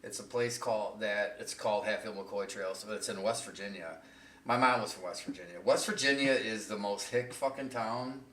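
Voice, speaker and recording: A man's voice: fairly low pitch, moderate pace, a bit bright, reverberant, recorded from a distance, slight background noise. A man casually telling rambling, profane road-trip stories on a podcast, often laughing. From Michigan. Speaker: podcast host. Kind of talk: casual storytelling chat.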